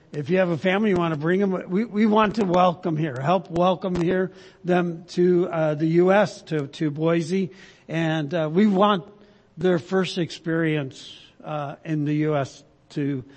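A man preaching a sermon to his church, speaking haltingly with many fillers and frequent "right?" asides. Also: a little high, in a large hall. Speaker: pastor. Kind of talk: sermon with a told joke.

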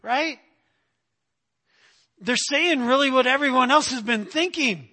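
A man's voice: very high voice, lively intonation, moderate pace, bright, forceful tone. A man preaching through a Bible passage verse by verse, talking conversationally and often asking "right?" to check in with listeners. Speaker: pastor. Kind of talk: expository sermon. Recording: long hall reverb.

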